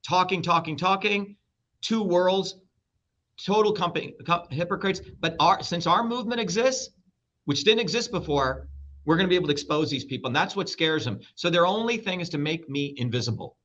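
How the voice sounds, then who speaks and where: A middle-aged man argues as an interview guest, blunt and profane, cutting across his host. His voice is bright and forceful and sits a little high. The sound is dull and lo-fi. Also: lively intonation, brisk. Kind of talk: heated interview talk.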